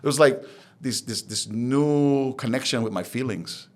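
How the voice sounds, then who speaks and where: A man's voice: mid-range voice, a little slow. A man from Hawaii, a podcast guest, telling his life story candidly and acting out the dialogue he quotes. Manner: animated retelling, acts out quoted dialogue.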